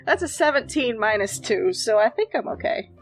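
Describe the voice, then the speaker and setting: A woman's voice: fairly high pitch, expressive, moderate pace, soft background music, low-quality recording. A woman playing a tabletop game, telling her character's story in a rambling, giggly way. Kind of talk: casual in-character play.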